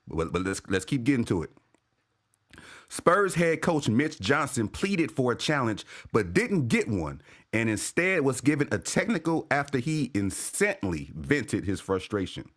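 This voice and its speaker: A man hosting a casual sports fan livestream, talking in loose, profane slang and shouting out viewers. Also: medium pitch. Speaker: sports fan show host.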